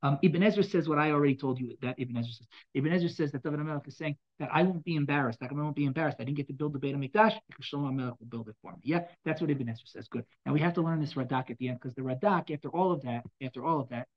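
Fast-talking man teaching a text class. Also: a little high. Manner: fast, repetitive, checks in with students; mixes Hebrew text readings into English. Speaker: Torah teacher. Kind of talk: classroom text study lesson. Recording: dull lo-fi sound.

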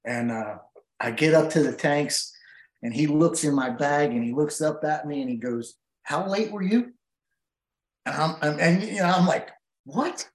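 In an interview with a roomy echo, a middle-aged tournament angler tells a long, emotional story full of fillers and restarts. His voice is fairly high and moves at a moderate pace.

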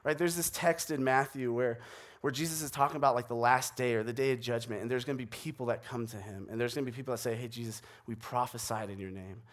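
A man's voice: medium pitch, steady tone, quick pace. A man in his thirties, a pastor, preaching a sermon in a conversational, joking storytelling way. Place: church sanctuary.

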